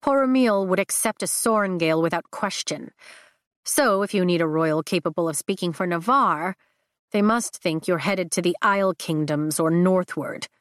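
A woman reading as a sharp, sarcastic young nobleman who misses nothing, his teasing lines landing wry and close. The voice sits low for a woman and the recording is dry, with no room sound. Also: normal speed, no room sound, natural voice. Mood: probing. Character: sarcastic observant young male noble rider.

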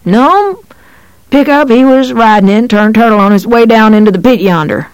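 A reader voicing an elderly white-haired country veterinarian who speaks in a calm, serene rural drawl in an audiobook. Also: mid-range voice, moderate pace, clear, resonant tone, no echo, voice pushed up, natural voice, poor audio. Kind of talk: audiobook character voice.

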